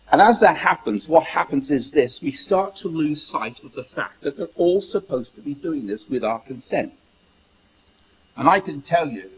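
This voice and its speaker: A man from the United Kingdom talks in a husky, slightly breathy voice at an ordinary pitch. He speaks emphatically and repeats his phrases as he recounts events. He acts out the dialogue in his story. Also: rough recording. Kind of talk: monologue telling a personal story.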